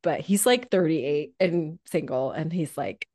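Low-voiced chatty woman co-host. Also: very animated, unhurried, hardly any pauses, a little mellow, dry recording, studio quality. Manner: chatty, earnest, full of "like" fillers. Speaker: podcast co-host. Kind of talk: casual chat.

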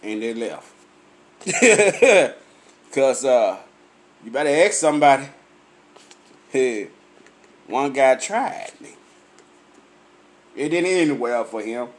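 A tipsy man, laughing often, on a loud and profane comic rant to his camera. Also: mid-range voice, very animated, slow, pauses often. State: tipsy from drinking. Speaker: vlogger.

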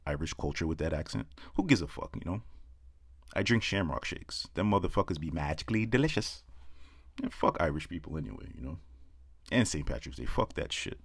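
A man's voice: low-pitched, breathy edge, no room sound, studio quality. A young man doing a brash, profane stand-up monologue, breaking into chanted comic poems. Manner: brash, profane, rhythmic poem delivery. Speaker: comedian.

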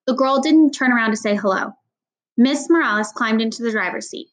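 A woman reading a children's novel aloud in steady storytelling narration. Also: a little high, a little fast, poor audio. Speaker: audiobook reader.

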